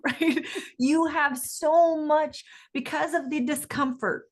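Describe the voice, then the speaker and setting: Emphatic high-voiced woman coach. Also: measured pace. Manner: energetic, emphatic, laughs often. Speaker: guest coach and hypnotherapist. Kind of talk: enthusiastic interview talk.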